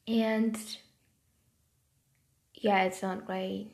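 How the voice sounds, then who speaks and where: A woman's voice: mid-range voice, steady tone, slow, creaky, pauses often. A woman vlogging casually to her viewers, rambling with many filler words and talking with passion about her hobbies and life. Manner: rambling, heavy use of "like" fillers; passionate, then softer and quieter. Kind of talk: casual talk to camera.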